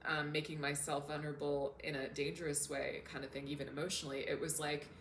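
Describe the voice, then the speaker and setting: Woman, lower voice, earnest and heartfelt, casual to-camera talk, echoey room, faint background hum. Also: flat delivery, quick pace, a bit bright. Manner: earnest, openly emotional. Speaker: self-development coach.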